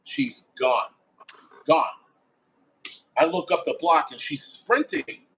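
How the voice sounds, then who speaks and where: The recording is very noisy, and this man's voice is fairly high, expressive, and slow. A firefighter guest, he recounts his own story in a blunt, offhand way, cursing heavily and acting out what he was thinking.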